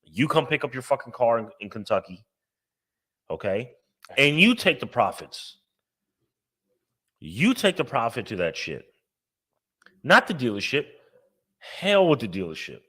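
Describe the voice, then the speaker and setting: A man's voice: medium pitch, big pitch swings, unhurried, pauses often, pushed and bright, husky. Car podcast guy ranting and cussing, voice jumps all over the place. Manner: ranting, heavy swearing, emphatic. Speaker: podcast co-host. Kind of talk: casual profane car chat.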